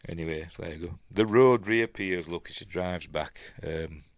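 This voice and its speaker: Rambling Yorkshire man, low voice. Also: normal speed, slight background noise. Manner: rambling, chuckling, full of fillers. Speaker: host. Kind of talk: casual film commentary.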